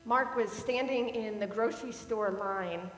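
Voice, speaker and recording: A woman pastor delivering a sermon, telling a story in a slow, measured way. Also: fairly high pitch. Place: church sanctuary. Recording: echoey hall with long reverb and faint hum.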